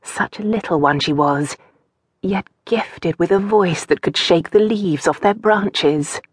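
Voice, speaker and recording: A woman reads a romance novel aloud in a calm, even storytelling manner. Her voice sits low, and the studio recording is dry and close. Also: slow pace, husky, dry recording. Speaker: audiobook narrator. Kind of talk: scripted narration.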